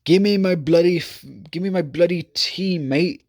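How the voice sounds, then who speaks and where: A man's voice: sits high, normal speed, a little mellow, no echo, studio quality, pitched above the performer's own voice. A man putting on a jokey mock British bloke. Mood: mock-indignant. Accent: put-on British. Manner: exaggerated, jokey. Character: mock British bloke demanding his tea.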